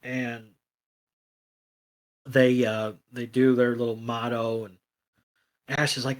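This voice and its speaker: A man co-hosting a podcast, casually recapping a cartoon episode in a plain, rambling way, now and then clearing his throat. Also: mid-range voice, level tone, slow, long pauses. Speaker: podcast co-host.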